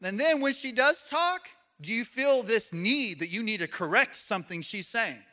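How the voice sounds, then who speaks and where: A man preaching a sermon, an animated storyteller who speaks straight to his congregation. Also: high-pitched, moderate pace. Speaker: pastor.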